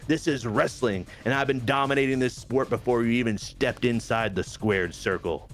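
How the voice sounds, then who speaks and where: A man's voice: mid-range voice, moderate pace, faint music behind, lightly acted. A man putting on the voice of a boastful, confident male wrestler cutting a taunting promo.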